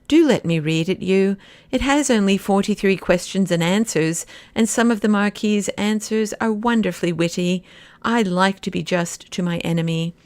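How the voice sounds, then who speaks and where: A woman reading the part of a giddy, tipsy young man who talks in a rapid, exuberant rush. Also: medium pitch, darkish tone, no echo, natural voice.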